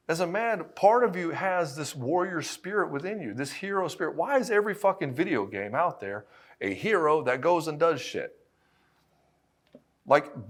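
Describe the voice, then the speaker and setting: A middle-aged man coaching married men in a blunt, profane, emphatic monologue, speaking straight to the listener. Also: a little high. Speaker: relationship coach. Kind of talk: direct-to-camera monologue.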